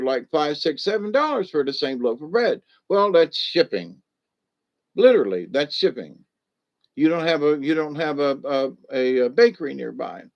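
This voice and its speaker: Folksy high-voiced man rambling on a stream. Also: dull audio. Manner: folksy, loose, greets chat viewers by name. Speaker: livestream host. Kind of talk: rambling casual livestream talk.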